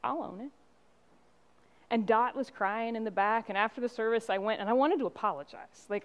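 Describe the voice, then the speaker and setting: A middle-aged woman pastor giving a sermon, telling stories and driving points home with emphatic pauses. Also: on the high side. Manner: impassioned preaching with storytelling and emphatic pauses.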